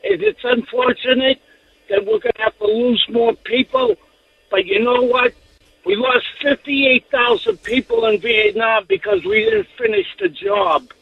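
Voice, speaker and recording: A man's voice: very high voice, gravelly, breathy edge, dry recording. A man calling in to a radio show, arguing heatedly and insistently and repeating his points. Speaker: caller. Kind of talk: call-in radio. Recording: phone line.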